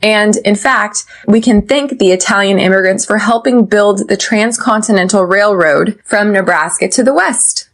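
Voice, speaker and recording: An American woman hosting an English-learning podcast, explaining an idiom and leading slow repeat-after-me drills. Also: mid-range voice, low-quality recording. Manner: slow, clear drills with laughs. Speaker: English teacher and podcast host. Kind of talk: scripted teaching.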